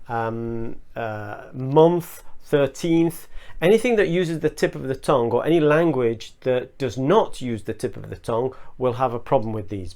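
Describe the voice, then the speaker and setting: Male teacher, mid-range voice, measured step-by-step lesson delivery. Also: mid-range voice, darkish tone. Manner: measured, explains step by step with spoken examples. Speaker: English teacher. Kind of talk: explanatory video lesson.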